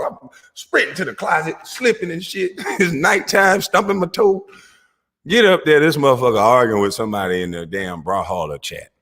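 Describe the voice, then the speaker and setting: A middle-aged man telling a comic story about his family, profane and animated, laughing often. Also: mid-range voice. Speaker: vlogger. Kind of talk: comedic storytelling monologue. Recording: long echoey reverb.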